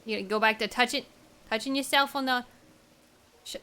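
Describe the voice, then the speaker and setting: A woman's voice: a little high, steady tone, a little fast, pushed and bright, clear, resonant tone. A woman streaming a video game, chatting casually with playful, laughing asides. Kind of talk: casual gameplay commentary.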